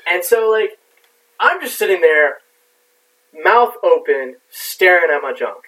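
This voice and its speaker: A man's voice: sits high, expressive, takes it slowly, a bit bright. A man telling a war story in casual talk, rambling and swearing with lots of fillers. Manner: profane, rambling with many fillers. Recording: distant mic.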